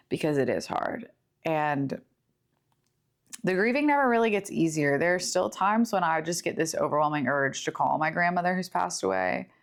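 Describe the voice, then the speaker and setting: A young woman in her twenties hosting a podcast, talking through grief in an earnest, confiding, unhurried personal monologue. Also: deep voice, vocal fry. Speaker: podcast host. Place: home studio. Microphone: studio setup with camera.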